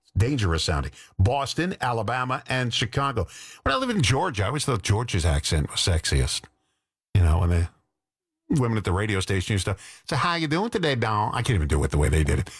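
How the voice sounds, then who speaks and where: A man's voice: lowish voice, big pitch swings, fast, slightly rough, no room sound. A man working as a radio DJ, chatting casually on air with joking asides between songs. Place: radio studio.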